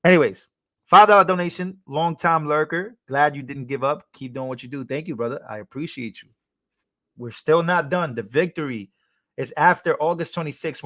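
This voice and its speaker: A man's voice: medium pitch, fairly bright tone. A young man hosting a live stream, chatting casually, reading out chat messages and thanking donors.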